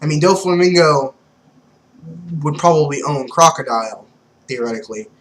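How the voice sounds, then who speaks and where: A young man giving casual, excitable manga commentary, swearing freely and laughing often. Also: a little high, normal speed, a little hiss or hum, low-quality recording. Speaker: manga reviewer.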